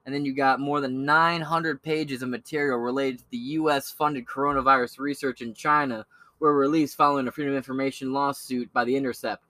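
A man's voice: medium pitch, steady tone, a little fast, bright, forceful tone, dry recording. A young man hosting a podcast, telling crude, joking stories full of slang and swearing. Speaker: podcast host. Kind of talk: profane ranting commentary.

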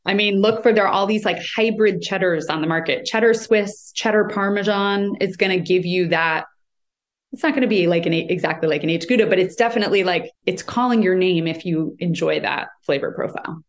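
A woman's voice: fairly low pitch, brisk. An American woman who writes about cheese, explaining at length in a conversational interview, with many fillers and restarts. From United States.

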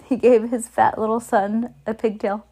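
A woman reading a children's book aloud and then chatting and teasing her child in an animated way for a podcast. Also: on the high side, moderate pace. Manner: animated and teasing, laughing often.

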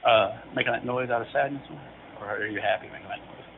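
Gravelly dude ranting fast on a phone call, mocking and cussing, hissy noisy line. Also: male voice, medium pitch. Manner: mocking, profane, goading. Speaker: prank caller. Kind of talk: taunting prank call.

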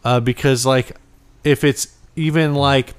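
A man's voice: mid-range voice, fairly even intonation, unhurried, smooth. A man co-hosting a casual podcast chat, rambling and hesitant, often breaking into laughter. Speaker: podcast co-host.

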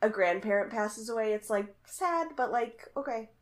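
A woman's voice: on the high side, animated, normal speed. A young woman co-hosting a podcast, chatting casually with dry, judgy asides while recapping a reality show. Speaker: podcast co-host. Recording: connection cuts out at times.

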